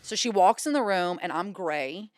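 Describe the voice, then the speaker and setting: A woman from Louisiana, a podcast guest telling her recovery story in a lively way and acting out what people said. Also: moderate pace, no room sound, studio quality. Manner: animated, acts out quoted dialogue with pitch jumps. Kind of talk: candid storytelling about recovery.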